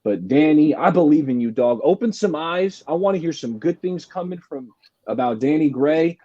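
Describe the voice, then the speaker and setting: A man co-hosting a fan talk show, sharing opinions in a relaxed, laid-back way. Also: fairly high pitch, moderate pace, no echo, highs cut off. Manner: relaxed, opinionated, calls his co-hosts fellas. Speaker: podcast co-host. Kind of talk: casual chat.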